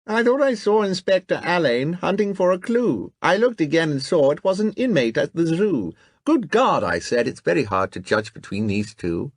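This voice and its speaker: Brief: man voicing a mocking young prankster, high sing-song, dry studio audiobook. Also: sing-song, moderate pace, hardly any pauses, dry recording.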